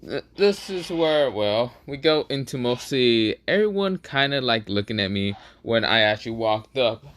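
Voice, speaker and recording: A man's voice: medium pitch, very animated, moderate pace, few pauses, fairly bright tone, no echo. A man casually narrating his part of a role-play story, laid-back and swearing offhandedly. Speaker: co-storyteller in a collab.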